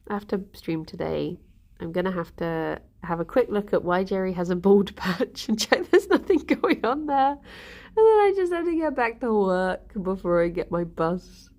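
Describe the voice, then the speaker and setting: A woman's voice: medium pitch, animated, normal speed, a little mellow. A woman chatting casually on a live stream, rambling and giggling between fillers.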